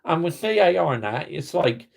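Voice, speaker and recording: Heated and blunt, this man talks football to viewers on a casual livestream, cursing freely as he addresses chat. He is a football fan streamer whose fairly high, gravelly voice has a sing-song lilt and moves at a moderate pace.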